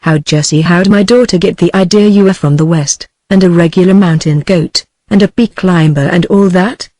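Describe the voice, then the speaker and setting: A woman's voice: fairly low pitch, normal speed, warm tone, dry recording, natural voice. Synthetic British woman reading a shrewd old store owner. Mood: probing. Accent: British English. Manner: blunt questioning.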